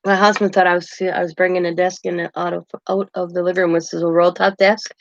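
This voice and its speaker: A woman's voice: lowish voice, flat delivery, quick pace, few pauses, no echo. An older woman hosting a craft channel, chatting in a rambling, meandering way at home and chuckling often. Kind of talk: casual rambling chat. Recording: dull dry lo-fi sound.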